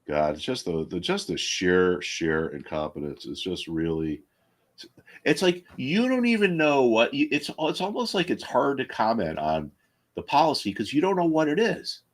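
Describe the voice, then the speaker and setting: A man's voice: medium pitch, very animated, normal speed. A man hosting a live trading stream, chatting casually and with strong opinions, full of restarts and fillers.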